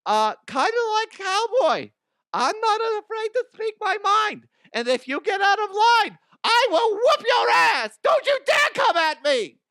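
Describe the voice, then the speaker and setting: A man putting on a high falsetto voice as a blunt, bossy mother figure who scolds and mothers. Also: big pitch swings, unhurried, bright, forceful tone, no room sound, clean studio sound, heavily acted.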